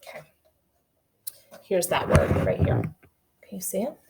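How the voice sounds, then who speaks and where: A woman teaching young children to read, with a somewhat low voice and an unhurried pace. She sounds out letters one by one and speaks with patient clarity. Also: wildly swooping pitch, creaky, in a whisper. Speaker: kindergarten teacher. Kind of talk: early reading lesson for young children.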